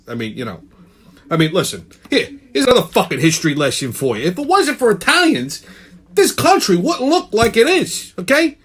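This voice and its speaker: Brash male host, high lively voice, swearing tough-guy rant. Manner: brash tough-guy delivery, keeps asking "okay?"; heavy swearing. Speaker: channel host. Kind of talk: profane comedic rant to camera.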